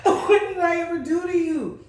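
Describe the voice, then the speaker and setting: A woman voicing an upset former schoolmate in a shrill, high voice, with a very echoey room sound. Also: moderate pace, darkish tone. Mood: indignant.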